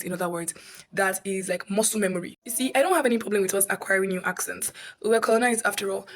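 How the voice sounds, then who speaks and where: A woman, giving emphatic, explanatory social commentary to camera. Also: mid-range voice. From Nigeria. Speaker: video creator.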